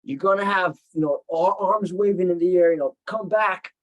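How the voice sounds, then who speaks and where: A man's voice: high voice, brisk, dry recording, dull audio. A man teaching a Bible study, retelling the story reflectively with frequent restarts.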